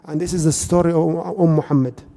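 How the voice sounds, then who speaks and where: A man's voice: on the high side, steady tone, brisk, creaky, warm tone, in a large hall. A man preaching a sermon, telling stories earnestly and mixing in Arabic phrases. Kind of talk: sermon storytelling.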